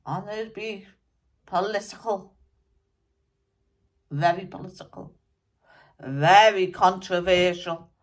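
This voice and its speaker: A woman's voice: lowish voice, takes it slowly, long pauses. A woman channelling the spirit of a blunt, angry male rock musician, scolding and swearing at listeners. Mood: ranting.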